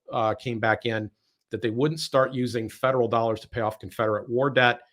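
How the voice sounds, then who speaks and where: A man's voice: mid-range voice, a bit bright. A man hosting a political podcast, sarcastic and emphatic, often repeating words as he builds a point. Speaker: podcast host. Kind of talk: political commentary chat.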